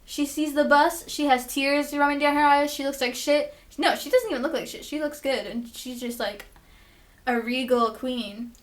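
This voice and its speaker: A vlogger reviews a TV episode in a high-pitched, steady voice at a normal speed. She recaps it casually and gushes the whole way, swearing a lot and saying "like" often.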